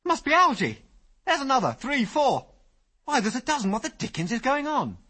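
A man voicing an excitable young airman who blurts out eager, breathless exclamations. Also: on the high side, a little fast, slightly rough, voice pushed up, exaggerated voice. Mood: excited.

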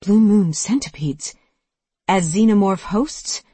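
A narrator reading a sci-fi action novel aloud, in steady, dramatic storytelling. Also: mid-range voice, takes it slowly, breathy edge, no room sound. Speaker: audiobook narrator. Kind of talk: scripted narration.

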